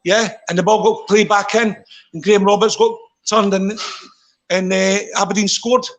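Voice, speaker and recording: A man, a former footballer, telling loose, rambling anecdotes in casual chat. His voice sits high for a man, and he doubles back on his words as he goes. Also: steady tone, moderate pace, fairly bright tone, low-quality recording.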